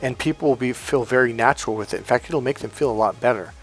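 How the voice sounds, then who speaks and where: A man's voice: medium pitch, quick pace, husky. A man giving an emphatic, repetitive motivational coaching talk. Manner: emphatic, repetitive, chanting mantras. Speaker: life coach.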